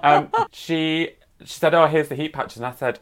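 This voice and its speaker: A woman's voice: sits low, normal speed. A woman co-hosting a podcast, telling an anecdote in casual chat and acting out what people said. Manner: animated anecdote-telling with acted-out quotes. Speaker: podcast co-host.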